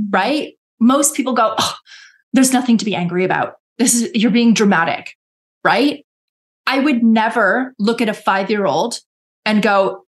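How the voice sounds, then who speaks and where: A woman coach talking earnestly in a casual podcast conversation, often acting out her own inner dialogue in quoted voices. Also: fairly high pitch. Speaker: guest coach.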